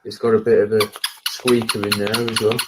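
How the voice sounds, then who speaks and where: A man showing off his odd handmade crafts in a flat, matter-of-fact way. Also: fairly low pitch, brisk, background noise. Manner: matter-of-fact, deadpan, calling people "mate". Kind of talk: deadpan show-and-tell.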